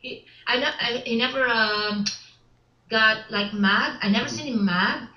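A woman who is not a native English speaker, talking in a casual interview about her film work in halting English with many restarts, repeated words and frequent laughs. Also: a little high, pushed and bright, reverberant, lo-fi sound. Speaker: actress and filmmaker guest.

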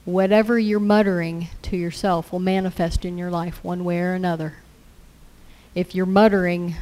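A woman's voice: on the low side, steady tone, normal speed, darkish tone. A woman preaching a sermon in an earnest way, repeating scripture lines as declarations.

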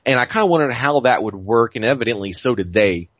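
A man's voice: medium pitch, lively intonation, quick pace, fairly bright tone, dry recording. Rambling, cursing man on a dull, dry mic. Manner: rambling, profane, full of fillers and restarts. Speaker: podcast co-host. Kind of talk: casual gaming podcast chat.

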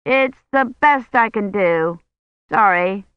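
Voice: medium pitch, animated, slow, no echo, voice pushed up. A reader voicing a cautious, reluctant young male technician who keeps apologizing. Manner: hesitant, apologetic. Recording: dull lo-fi sound.

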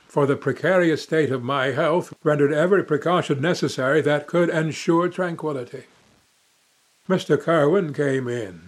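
A young man narrating a classic novel in first person with dramatic, emotive delivery. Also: a little high. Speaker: audiobook narrator.

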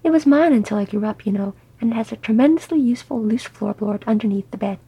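A genteel older hobbit gentleman, doting and fussy, as a woman puts him on. Her voice stays husky and gravelly under the lift. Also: a little high, expressive, fast, heavily acted. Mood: fond.

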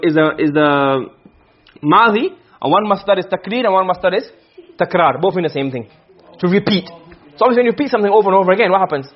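A man's voice: sits high, lively intonation, fast talker, dull audio. A man teaching a class on Arabic grammar, quizzing his students with frequent questions.

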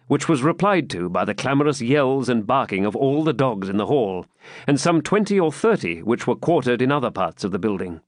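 A man narrating a classic novel as an audiobook in a measured, dramatic way. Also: mid-range voice, no echo, studio quality.

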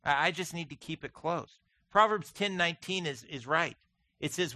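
A man preaching a sermon to his congregation, folksy and animated, mixing stories and humor with scripture. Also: a little high, moderate pace. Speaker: pastor.

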